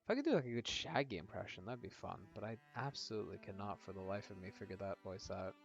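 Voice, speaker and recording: A man casually narrating a tabletop-style game on a live stream, pausing often and asking his viewers for ideas. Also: lowish voice, animated, creaky. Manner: hesitant, lots of ums, chatty with viewers. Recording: dull lo-fi audio with faint game music.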